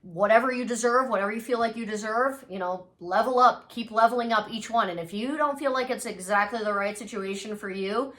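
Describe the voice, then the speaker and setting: A woman guest in a casual chat, talking earnestly and trailing off softly, with many filler words. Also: a little high, fairly quick, few pauses.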